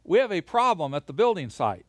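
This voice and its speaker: A man's voice: sits high, very animated, a little fast, no room sound. A man doing a flustered confused builder. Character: confused male builder babbling in wrong language.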